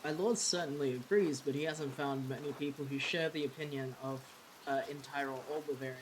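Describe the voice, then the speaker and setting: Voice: medium pitch, fairly even intonation, fairly quick, lightly acted, rough recording. Brief: loyal courteous servant of a lord, read out plainly by a streamer, rain noise. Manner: reading game dialogue aloud in a plain voice.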